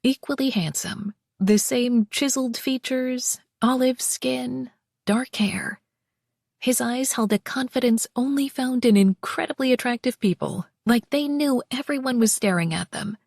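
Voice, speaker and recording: A woman narrating a first-person romance audiobook in an expressive, wry way on a close mic. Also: high voice, normal speed, vocal fry, hardly any pauses, no room sound.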